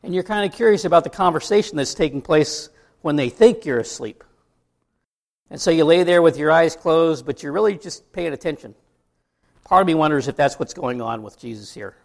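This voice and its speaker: A middle-aged male pastor from the United States delivers a sermon in a relaxed, talky manner. His voice sits a touch higher than most men's and carries a gravelly edge. He keeps asking the congregation questions as he goes. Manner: conversational preaching with asides and rhetorical questions.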